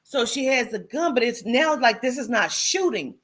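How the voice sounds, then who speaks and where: A woman casually recounting a vivid dream, animated and profane, acting out what people said. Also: on the high side, normal speed, breathy edge. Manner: animated, profane, acts out quotes. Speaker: host. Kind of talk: casual storytelling.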